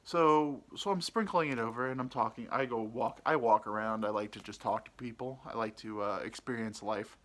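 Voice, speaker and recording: A man's voice: medium pitch, normal speed, few pauses, a bit bright. A young man hosting a podcast, telling a crude, self-mocking story in a rambling way, with lots of ums and uhs. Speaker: podcast host. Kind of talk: casual storytelling.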